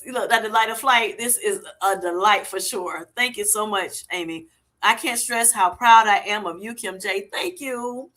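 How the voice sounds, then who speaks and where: This livestream host is a woman with a medium-pitched voice and a sharp tone. Chatting away on her casual stream, she reads out viewer comments, sprinkling in plenty of "you know" and "y'all."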